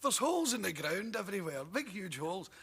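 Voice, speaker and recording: A man's voice: high voice, sing-song, brisk, a bit bright, slightly rough. A Scottish man telling comic stories as a talk show guest, laughing often and mimicking the people in his tales. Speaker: comedian guest. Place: television studio with audience. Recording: noisy 1981 broadcast recording.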